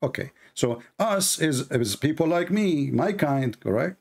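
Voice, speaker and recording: A man's voice: on the high side, lively intonation, measured pace, creaky, a little mellow, breathy edge. Guy arguing hard, keeps repeating himself, cuts in a lot. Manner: insistent, repetitive, interrupting. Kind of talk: heated religious debate.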